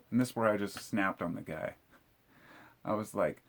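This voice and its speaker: A middle-aged man tells a story in a low, slightly husky voice. He talks bluntly and swears freely, raising his voice sharply whenever he quotes himself. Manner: blunt and profane, quick to shout the quoted lines. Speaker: vlogger telling a true story. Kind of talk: casual storytelling monologue.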